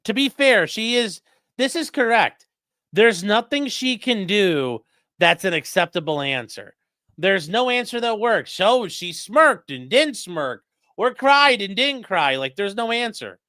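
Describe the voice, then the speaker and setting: A man hosts a livestream, reacting to clips with animated, sarcastic commentary and reading chat aloud. His voice is bright and clear, lively and fairly high. The sound is dry, from a close mic. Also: unhurried, no room sound. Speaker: host.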